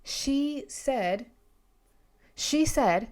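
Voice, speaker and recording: A woman with an American East Coast accent talks casually to camera about a book, drifting off on tangents and laughing easily. Her voice sits at a middle pitch. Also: moderate pace. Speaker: book reviewer.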